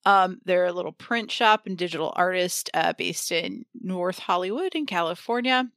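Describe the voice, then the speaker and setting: A woman co-hosting a podcast in relaxed casual chat, laid-back and giggly, plugging links and recommendations. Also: fairly low pitch, moderate pace, no echo, clean studio sound. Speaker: podcast co-host.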